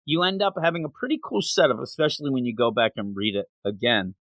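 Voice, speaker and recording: A man's voice: mid-range voice, sing-song, fast talker, a bit bright, no echo. A man co-hosting a manga review podcast, retelling the story in casual chat and acting out the characters' lines.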